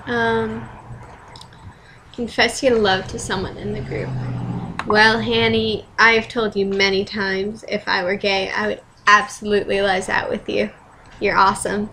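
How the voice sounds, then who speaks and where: A woman's voice: mid-range voice, gravelly, sharp tone, slight background noise, low-quality recording. A teenage girl vlogging casually, rambling through fan dares with self-deprecating asides and casual swearing, filmed at home on a webcam.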